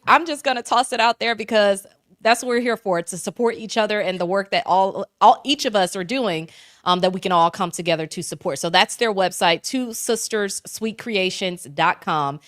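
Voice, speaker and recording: A woman hosting a talk show, lively and folksy, chatting with a guest. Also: medium pitch, dry recording, clean studio sound. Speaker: show host. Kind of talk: casual interview chat.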